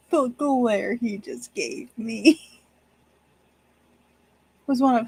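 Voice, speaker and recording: A woman's voice: fairly high pitch, extremely slow, gravelly, long pauses, a little mellow, breathy edge, poor audio. A woman streamer chatting casually while she crochets at home, talking fondly and teasingly to her cat. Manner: fond, teasing talk to her pet cat. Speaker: crafting streamer.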